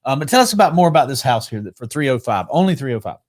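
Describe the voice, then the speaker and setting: A man's voice: mid-range voice, big pitch swings, very fast. A man hosting a casual talk show, chatty, often restarting and repeating his words. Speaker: podcast host. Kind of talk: casual chat.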